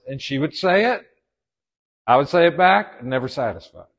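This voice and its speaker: A man's voice: mid-range voice, big pitch swings, moderate pace, breathy edge, lo-fi sound. Folksy Southern man teaching a church class. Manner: folksy, joking asides, frequent restarts. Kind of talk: informal church class lecture.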